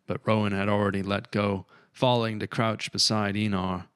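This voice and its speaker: A male audiobook narrator who reads with steady, measured storytelling. His low voice is smooth and resonant. The sound is dry and close, with no room around it. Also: no room sound. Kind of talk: scripted narration.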